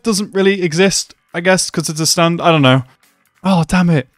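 A young man hosting an anime reaction video, swinging between excited outbursts and quiet, reflective musing. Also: sits high, moderate pace, no room sound, studio quality, soft background music. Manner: excitable, gasping and shouting, then reflective and subdued.

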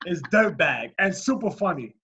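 A man's voice: sits high, very animated, normal speed, dull audio, very noisy. A man hosting a podcast as a comedian, chatting casually over a video call and telling stories in a brash, playful, teasing way. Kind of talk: casual chat.

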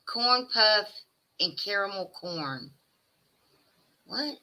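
A woman's voice: mid-range voice, animated, extremely slow, bright, forceful tone. A woman with a Southern American accent, chatting casually with her livestream viewers and reading their comments aloud. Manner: chatty, exclaiming, drawling asides to chat. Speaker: livestream host reading chat. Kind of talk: casual chat.

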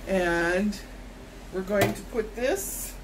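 Woman, home vlog, unhurried, faint background noise. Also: mid-range voice. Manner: chatty, rambling with self-corrections. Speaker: YouTube vlogger. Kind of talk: casual product unboxing demo.

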